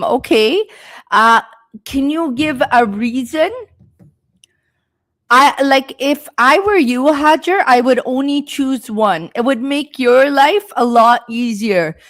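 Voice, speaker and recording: Slow-speaking woman teaching English live. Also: on the high side. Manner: slow, deliberate, encouraging teaching delivery. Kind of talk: live-stream lesson.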